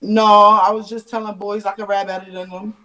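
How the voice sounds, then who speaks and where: A woman with a Jamaican accent, a guest rapper in a casual podcast interview, lively and quick to laugh. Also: mid-range voice. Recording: voice distant from the mic.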